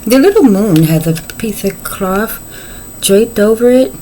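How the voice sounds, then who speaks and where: A woman's voice: medium pitch, animated, a little slow, mellow, slight background noise, rough recording. A middle-aged woman giving a casual tarot reading, chatty and folksy with playful asides. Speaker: tarot reader.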